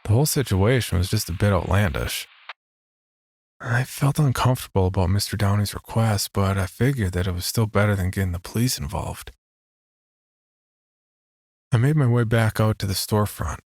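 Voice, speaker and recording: A man narrating a first-person horror story in a measured, steady voice. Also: lowish voice, vocal fry.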